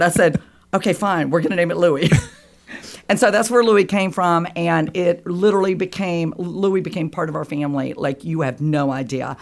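A woman appears as a guest on a radio show, animatedly telling a personal story with feeling and acting out the voices of the people in it. Her voice is fairly low and gravelly, at a normal speed.

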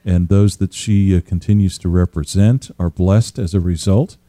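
A man hosting a radio show, speaking in a measured, halting way with many pauses. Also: low voice, steady tone, mellow, no echo. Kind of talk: reflective radio talk.

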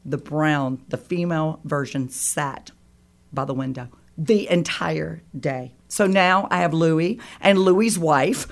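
Speaking at an ordinary pace in a deep voice, a woman guest on a radio show shares an emotional personal story. She animatedly acts out the voices of the people in it.

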